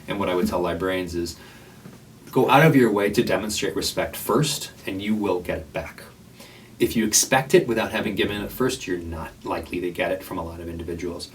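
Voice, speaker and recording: A man's voice: low-pitched, fairly bright tone, distant mic, slight background noise, low-quality recording. A man who works at a homeless shelter, giving a casual, earnest training talk to librarians with many fillers and restarts.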